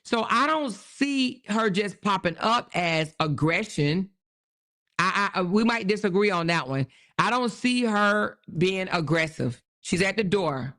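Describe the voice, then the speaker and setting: Hosting her own show, a woman offers casual commentary on a news story, often repeating herself as she checks in with viewers. Her mid-range voice is expressive, unhurried, and slightly bright.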